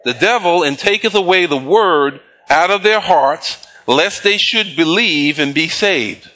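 A man preaching a sermon, reading scripture slowly and pausing to prompt the congregation with call-and-response questions. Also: a little high, animated, sharp tone. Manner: slow emphatic scripture reading. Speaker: pastor.

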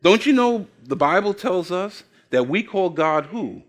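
Speaking in a high, very animated voice without hurrying, an older man delivers a sermon as pastor. He questions his congregation and shares folksy tales, giving each quoted figure an acted-out voice.

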